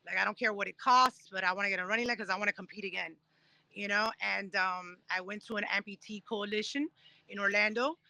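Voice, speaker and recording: A woman in her thirties, a guest telling her story in a casual interview, animated and acting out what others said. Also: medium pitch, brisk, gravelly, slight background noise. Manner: animated, acts out quoted voices while telling stories. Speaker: guest, Paralympic discus thrower.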